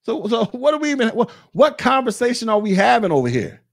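A man's voice: extremely high pitch, very animated, fairly quick, vocal fry. A man in his forties hosting a podcast, ranting bluntly with mocking, profane talk. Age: 40s. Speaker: podcast host. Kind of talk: casual rant.

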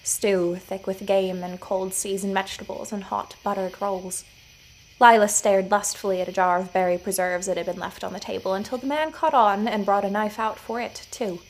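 A woman's voice: mid-range voice, fairly even intonation, normal speed, low-quality recording. Woman narrating audio fiction. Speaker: writer and narrator.

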